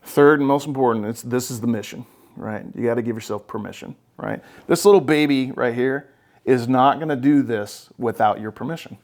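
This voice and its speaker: A man's voice: medium pitch, moderate pace, darkish tone. A man hosting a podcast as a therapist, talking bluntly and with swearing, and often checking in with "right?". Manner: blunt, profane, emphatic, keeps checking with "right?". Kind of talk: casual podcast conversation.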